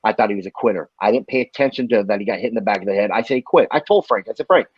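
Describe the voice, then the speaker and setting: A man from the United States, a bare-knuckle fighter guest, ranting in a heated, profane, rapid-fire way during an interview. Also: lowish voice, husky, no echo, dull audio.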